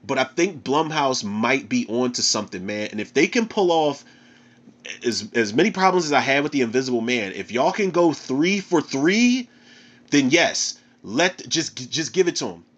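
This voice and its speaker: A man's voice: medium pitch, big pitch swings, moderate pace, fairly bright tone. A man hosting a podcast, talking about movies in a loose, profane casual chat and often saying "man". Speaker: podcast host and movie reviewer. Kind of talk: casual movie review talk. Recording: slightly dull lo-fi audio.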